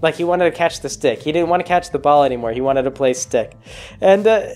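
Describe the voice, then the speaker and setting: A man hosting a podcast, talking in a casual, rambling monologue full of restarts and fillers that turns animated when he is amused. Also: fairly high pitch, brisk, soft background music. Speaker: podcast host.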